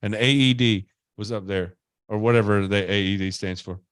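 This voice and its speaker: A man hosting a podcast, telling a story in an animated, exaggerated way and wrapping up the show casually. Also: fairly low pitch, moderate pace, clean tone, dry recording, clean studio sound. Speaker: podcast host.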